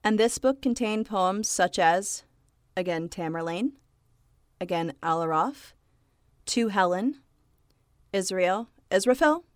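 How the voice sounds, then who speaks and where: A woman's voice: mid-range voice, slow, pauses often, no echo. Female podcast co-host, reads notes casually with a giggle, dry mic. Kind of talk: reading notes in casual chat.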